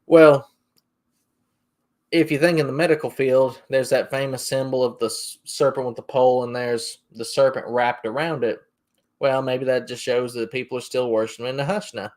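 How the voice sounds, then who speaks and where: A man's voice: mid-range voice, fairly even intonation, moderate pace, a little mellow. A man hosting a podcast, telling a story in a rambling, folksy way. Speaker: podcast host. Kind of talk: casual storytelling.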